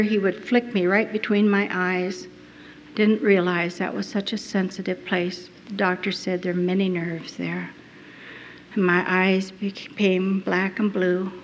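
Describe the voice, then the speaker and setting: An older woman giving an earnest, heartfelt testimony to an audience as a missionary speaker. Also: mid-range voice. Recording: dull recording in a reverberant hall.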